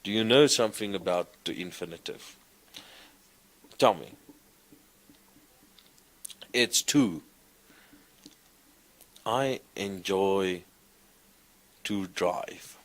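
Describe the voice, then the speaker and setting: Slow, low-voiced man teaching a class. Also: a bit bright. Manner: slow, encouraging, asks the class questions. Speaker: Greek teacher. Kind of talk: classroom lecture.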